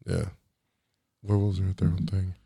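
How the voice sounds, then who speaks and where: A man's voice: low voice, monotone, normal speed, gravelly, mellow, no echo, studio quality. A young man chatting on a casual podcast, telling rambling, profane stories packed with "like". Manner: rambling, profane storytelling full of "like".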